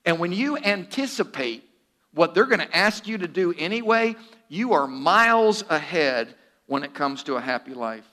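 A man's voice: on the high side, animated, moderate pace, pushed and bright. A man preaching a sermon in an earnest, direct way, with a teasing humor and repeated words for emphasis. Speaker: pastor.

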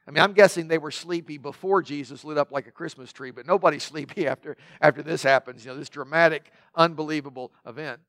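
A man's voice: a little high, quick pace, vocal fry, hardly any pauses, a bit bright, dry recording. A man preaching a sermon in a conversational way, with joking asides to the congregation. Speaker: pastor.

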